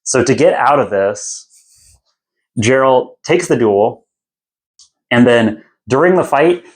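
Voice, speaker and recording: Young man, podcast host, casual book recap, rambling, irreverent, middle pitch. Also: expressive, takes it slowly. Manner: rambling, loose and irreverent, full of fillers.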